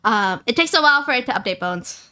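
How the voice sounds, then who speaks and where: Bright, chatty woman streamer. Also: a little high, expressive. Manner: rapid-fire, rambling, playful and teasing. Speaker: livestream host. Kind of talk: casual livestream chat with viewers.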